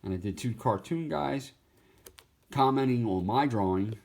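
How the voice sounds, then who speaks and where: A man's voice: medium pitch, unhurried, creaky, a little mellow. A man casually walking through his sketchbook, easygoing and laughing at his own jokes. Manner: easygoing, laughs, jumps into goofy voices. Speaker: artist showing his sketchbook.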